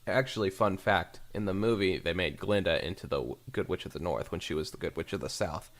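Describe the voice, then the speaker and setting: A man's voice: sits low, fairly quick. A man co-hosting a podcast in casual chat, with a wry, nitpicking way of commenting. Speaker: podcast co-host.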